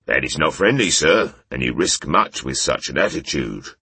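A bandit leader with a dark beard who sneers with exaggerated politeness, voiced by a man. The tone is husky and raised above the deep narrator voice, with a close, dry sound. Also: expressive, normal speed, no echo, exaggerated voice. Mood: mocking. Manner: mock-courteous, jeering.

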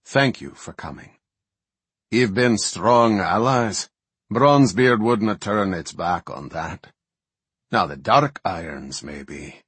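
A wise elf archdruid who speaks in a measured, quiet, dry manner, as a male reader voices him. The voice is low and husky, recorded close and dry. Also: expressive, dry recording, heavily acted. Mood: welcoming.

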